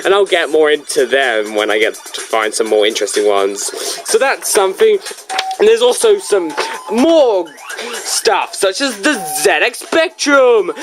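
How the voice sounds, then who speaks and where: A video reviewer talking casually through a book, in a rambling, joking manner with big swings in pitch. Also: fairly bright tone.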